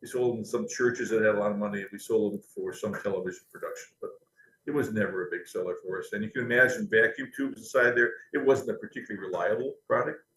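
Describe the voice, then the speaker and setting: A man's voice: fairly low pitch, fast talker, a bit bright, slight background noise. A man, a company historian, telling anecdotes in an interview, chatty and laughing now and then. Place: company building. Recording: roomy echo.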